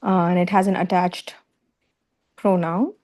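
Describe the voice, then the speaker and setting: Woman student working thru grammar out loud, lots of ums, kinda low voice. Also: steady tone, a little slow. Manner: hesitant, many fillers while analyzing. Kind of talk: reading and parsing aloud in class.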